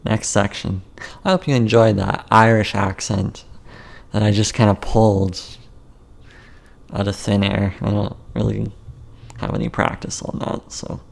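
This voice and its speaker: A man's voice: on the low side, steady tone, unhurried, gravelly, pauses often. A man narrating his own memoir as an audiobook, casual and joking, with wry asides.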